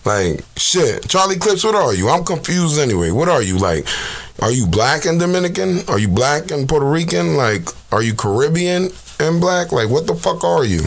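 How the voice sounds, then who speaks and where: A man's voice: on the high side, sing-song, normal speed, creaky. A man hosting his own show, delivering a heated, profane rant full of street slang and fillers. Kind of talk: casual ranting monologue.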